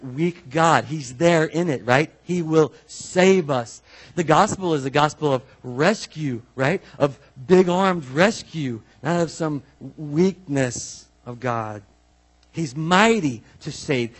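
A man preaching a sermon as pastor, animated and conversational, with many asides and repeated phrases. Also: a little high.

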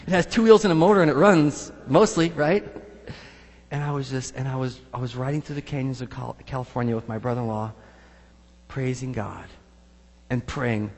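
Male pastor, sermon, husky, a bit high, storytelling, acts out quotes, long church-hall reverb. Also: normal speed, pauses often.

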